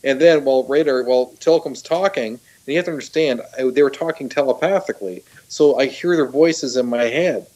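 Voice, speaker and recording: A middle-aged man, a talk show guest, excitedly retelling a personal story with frequent laughs, restarts and fillers. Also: mid-range voice, a little fast, hardly any pauses, highs cut off.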